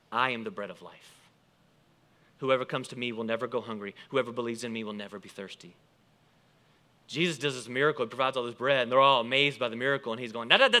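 A man preaching a sermon, quoting scripture and explaining it with lively emphasis that rises and falls. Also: mid-range voice. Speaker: pastor.

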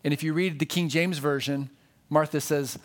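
Pastor, male, a touch higher-pitched; earnest, conversational sermon delivery with emphatic repeats. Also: fairly even intonation, normal speed.

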